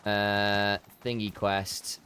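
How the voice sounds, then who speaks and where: A man's voice: on the low side, little pitch movement, extremely slow, sharp tone, soft background music. A man casually chatting with viewers while he plays and streams a game. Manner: chatty, talks to viewers between game actions. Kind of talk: casual chat while gaming.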